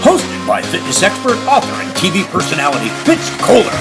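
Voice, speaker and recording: A woman's voice: medium pitch, very animated, fairly quick. Sing-song woman announcer over hip hop. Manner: sing-song promotional delivery. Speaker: show intro announcer. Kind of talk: scripted intro over music. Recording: hip hop music behind.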